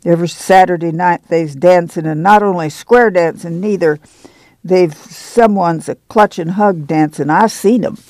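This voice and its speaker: A man's voice: high voice, moderate pace, a little mellow, no room sound, lightly acted. A man voicing a stocky, fiercely pious camp woman who scolds in a rural dialect for an audiobook. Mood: fervent. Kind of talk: audiobook reading.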